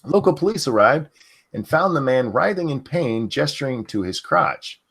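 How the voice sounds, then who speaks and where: A man's voice: medium pitch, normal speed, creaky, slightly rough. A man hosting a casual livestream, reading news items aloud and reacting bluntly with swearing. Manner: blunt, swears freely, animated. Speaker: podcast host.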